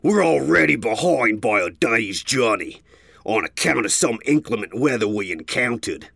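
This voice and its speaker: A man's voice: medium pitch, expressive, normal speed, vocal fry, fairly bright tone, no room sound, pitched above the performer's own voice. A man doing a stern stallion caravan leader.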